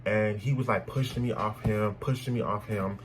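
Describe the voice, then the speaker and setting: A young man telling a personal story in a casual, animated way, blunt and full of swearing. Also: on the low side, moderate pace, a little hiss or hum, rough recording. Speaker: storytime vlogger.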